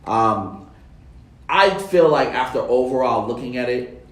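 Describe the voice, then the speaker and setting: A man's voice: mid-range voice, unhurried, distant mic. A young adult man hosting a casual panel chat, telling stories with lots of fillers and acting out quotes. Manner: relaxed storytelling, many fillers, acts out quotes. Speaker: podcast host. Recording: roomy echo, voice heard from off the mic.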